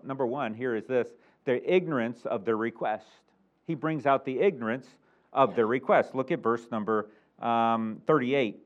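A middle-aged man preaching a sermon as a pastor, animated and emphatic, chuckling now and then. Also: medium pitch. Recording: muffled lo-fi recording.

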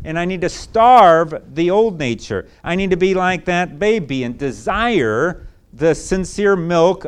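A man's voice: on the high side, clean tone. A male pastor preaching a sermon to a congregation, speaking emphatically with folksy repetition.

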